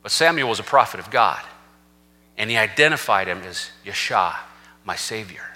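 A man's voice: on the low side, lively intonation, moderate pace, pushed and bright. A man preaching a sermon as senior pastor, emphatic and reading scripture aloud with rising force. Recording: reverberant hall.

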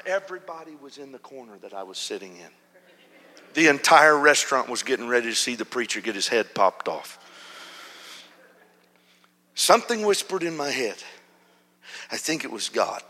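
A male pastor telling a story in a sermon, animated, acting out shouts and whispers. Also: medium pitch, normal speed, pauses often. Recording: long hall reverb.

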